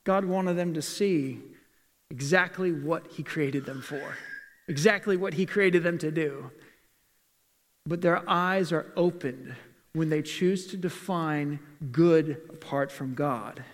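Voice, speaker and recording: A man's voice: fairly high pitch, slow. A male pastor giving a sermon in a church, asking rhetorical questions and reading scripture aloud. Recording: long reverb of a large hall.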